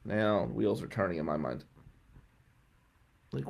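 A man's voice: mid-range voice, huge pitch swings, moderate pace, gravelly, husky. A brash, blunt man telling stories from law school in a casual way, swearing as he goes. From New Jersey. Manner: brash and blunt, swears, voice climbs sharply when riled up. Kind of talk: casual storytelling.

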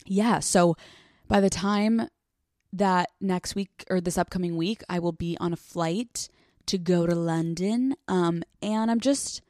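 A young woman hosting a solo podcast, chatting casually and rambling fast with lots of filler words and swearing. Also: lowish voice, a little mellow, dry recording, clean studio sound. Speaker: podcast host. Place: hot small room, dry sound.

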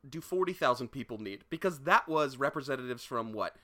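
Lively bantering man. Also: mid-range voice, fairly quick. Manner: bantering, teasing, profane. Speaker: podcast co-host. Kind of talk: casual comedic chat.

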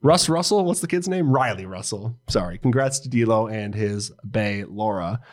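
A man's voice: fairly low pitch, expressive, moderate pace. A man co-hosting a casual basketball podcast, talking in a rambling, easygoing way with many fillers and frequent laughs. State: new father. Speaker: podcast co-host. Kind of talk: casual sports chat.

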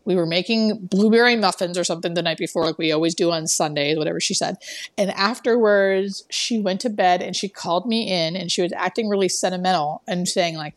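A woman's voice: fairly low pitch, steady tone, normal speed. A woman hospice nurse telling a story in a chatty way, full of fillers, acting out the dialogue, heard over a remote call. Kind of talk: casual storytelling interview. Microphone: remote call audio.

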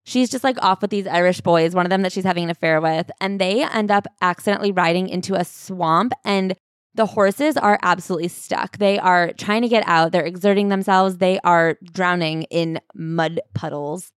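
A woman's voice: fairly low pitch, moderate pace, smooth, no room sound, studio quality. A woman co-hosting a casual book-review chat, talking in a loose, chatty way with lots of "like". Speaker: podcast co-host.

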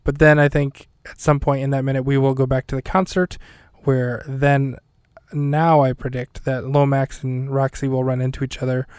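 A man talks through a show recap in a flat, even voice with little rise and fall, wandering and correcting himself as he goes. His tone is smooth and clear, and the sound is close and dry, with no room around it. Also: medium pitch, normal speed, dry recording. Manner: rambling, self-correcting, dry humor. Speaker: podcast host. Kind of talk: casual solo recap.

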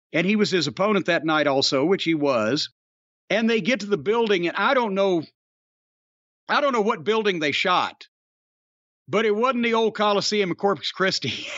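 A man's voice: high voice, fairly bright tone, no room sound, dull audio. Older male podcast host; raised voice, profane storyteller, opinionated, dry close sound. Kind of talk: casual chat.

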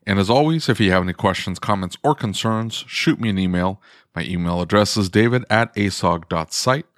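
A man's voice: on the low side, fairly quick, no room sound, studio quality. A man hosting a podcast, chatting casually with jokey, teasing asides. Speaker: podcast host. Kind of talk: casual chat.

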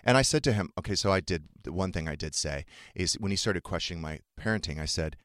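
A man's voice: low-pitched, quick pace, a bit bright, no room sound, clean studio sound. A man hosting a talk podcast, candidly and emotionally retelling a painful family fight in casual chat. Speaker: podcast host.

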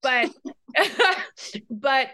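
A woman hosting a podcast, telling a story in casual chat with lively, animated delivery and frequent laughter. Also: high voice, drawn-out words. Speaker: podcast host.

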